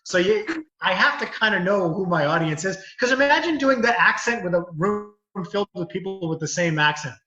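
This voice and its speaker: A man with a fairly high, bright voice lays out his thinking at length, easy and conversational. His voice rings in an echoey room and comes through a dull, lo-fi video call. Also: big pitch swings, fairly quick. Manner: thoughtful, explains at length. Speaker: comedian, lawyer and actor. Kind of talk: casual video chat.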